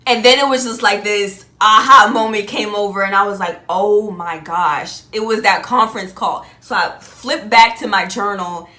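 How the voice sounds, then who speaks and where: A young adult woman telling a personal story in a casual, animated way, often laughing and jumping up high on exclamations. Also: moderate pace, hardly any pauses, roomy sound. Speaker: vlogger.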